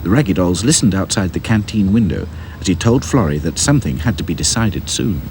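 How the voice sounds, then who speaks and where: A man narrating a children's storybook in a lively, sing-song way. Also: deep voice, brisk, few pauses, slight background noise. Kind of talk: storybook reading.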